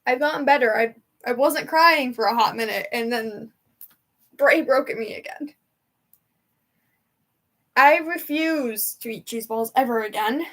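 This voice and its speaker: A woman's voice: fairly high pitch, measured pace, pauses often, a bit bright. A young woman hosting a casual livestream from home, chatting to her viewers in a rambling, emotional way. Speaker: livestream host. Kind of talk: casual chat with live chat.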